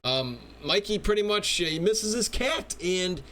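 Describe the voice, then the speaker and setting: A man's voice: high voice, lively intonation, measured pace, fairly bright tone, a little hiss or hum. A man co-hosting a podcast, chatting about comics in a friendly, loose way, sprinkled with "you know" and "uh". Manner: chatty and upbeat, laughing, hedging with "you know". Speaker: podcast co-host. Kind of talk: casual comic review chat.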